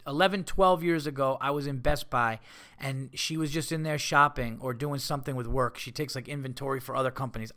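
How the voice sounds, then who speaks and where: Man, comedy podcast host, casual storytelling, swears a lot, animated, bright voice, a bit high pitch. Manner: profane, animated, rambling.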